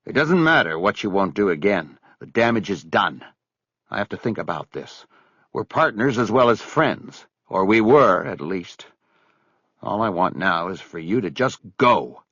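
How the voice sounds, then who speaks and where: A man voicing a middle-aged man who talks in a curt, forceful way, close to his own low voice. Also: sing-song, measured pace, no echo, muffled recording, full character voice. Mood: angry. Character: angry, clipped middle-aged man holding back rage.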